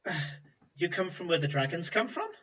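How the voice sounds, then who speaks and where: A man's voice: sits high, very animated, a little fast, bright, forceful tone, husky, highs cut off, heavily acted. A man voicing a bored, sulky teenage noblewoman who whines in exasperation. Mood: curious.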